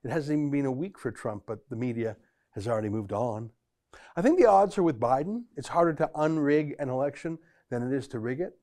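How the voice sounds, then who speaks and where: Mellow-voiced sarcastic male commentator. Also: mid-range voice, animated, fairly quick. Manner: mocking, sarcastic. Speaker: political commentary host.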